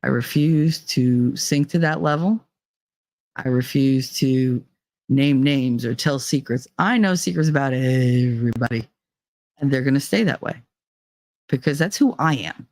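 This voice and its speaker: A woman's voice: very deep voice, unhurried, darkish tone, no echo. Woman host, casual and blunt, swears freely, laughs often; dry, close recording. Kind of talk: casual chat.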